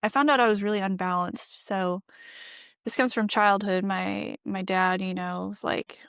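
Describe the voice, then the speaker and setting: A woman's voice: medium pitch, normal speed, a bit bright, clear, resonant tone, no room sound, studio quality. A woman guest on a podcast, telling her story in an earnest, reflective way and laughing often. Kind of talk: candid conversational storytelling.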